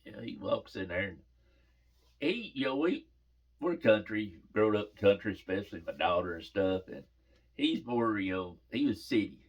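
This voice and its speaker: A man's voice: lowish voice, normal speed, husky, dull audio. A middle-aged man telling a family story in a folksy way, often laughing as he talks. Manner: folksy, laughs through the telling, animated quoting.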